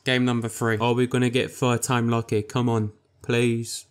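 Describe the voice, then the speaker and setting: A young man commentating his own football video game matches, swearing often and swinging from flat mutters to excited yelps and pleading. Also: mid-range voice, normal speed, clean tone. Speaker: gaming YouTuber. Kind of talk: reactive gameplay commentary. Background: music.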